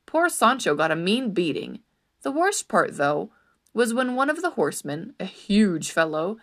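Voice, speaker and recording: A woman narrating a storybook in an expressive, animated storytelling manner. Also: mid-range voice.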